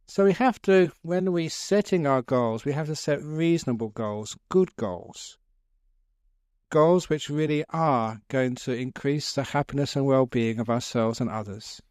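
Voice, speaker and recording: A man's voice: mid-range voice, unhurried, darkish tone, clear, resonant tone, no echo, studio quality. A man, a Buddhist monk, giving a humorous, story-filled dharma talk to a live audience, chuckling and chatting as he goes. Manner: jokey, chuckling, conversational.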